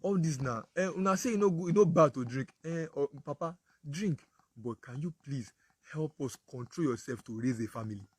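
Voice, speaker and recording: An apostle speaking on parenting, a man with a Nigerian accent, tells a story in casual Pidgin sermon talk and acts out the dialogue. His voice is on the high side, animated and a little fast with a breathy edge, and there's no echo.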